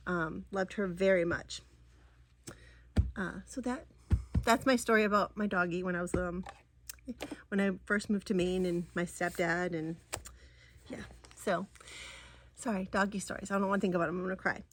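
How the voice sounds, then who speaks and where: A woman's voice: lowish voice, unhurried, long pauses, sharp tone. A middle-aged woman chatting through a cross-stitch vlog, rambling and gushing, with many ums and restarts. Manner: gushing over crafts. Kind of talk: casual chatty show-and-tell.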